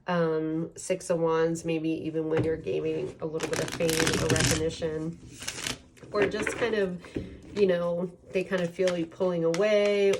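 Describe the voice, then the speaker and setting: A woman's voice: lowish voice, background noise. A woman giving a casual tarot reading, talking in a rambling, chatty way full of ums and likes. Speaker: tarot reader.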